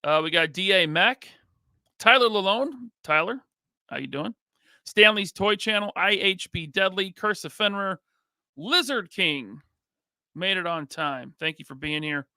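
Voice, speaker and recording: Hosting a live podcast, this American man reads names from the chat and tosses each a quick, upbeat, casual hello. His voice sits high with lively intonation, bright and forceful yet clear and resonant, captured in a clean studio without echo.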